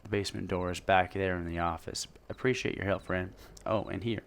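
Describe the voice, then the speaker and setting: A man's voice: deep voice, steady tone, fairly quick, creaky, a little hiss or hum. A man voicing a folksy, chatty older male gas station owner with a put-on drawling country voice. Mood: helpful.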